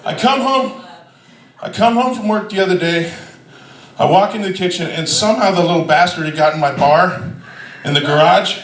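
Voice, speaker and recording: A man doing a stand-up comedy set, telling a profane story with shouted quotes, animated and loud. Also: high voice, normal speed, echoey room, far from the mic, a little hiss or hum, poor audio.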